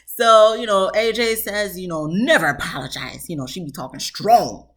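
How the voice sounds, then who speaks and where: Chatty animated woman reviewer. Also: mid-range voice, normal speed. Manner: chatty, animated, lots of "you know" fillers. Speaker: TV show reviewer. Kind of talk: casual review commentary.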